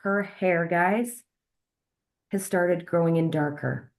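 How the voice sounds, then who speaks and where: A woman's voice: lowish voice, slow. A woman hosting a live video call presentation, upbeat and chatty, often asking her audience questions. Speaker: host of a wellness sales webinar.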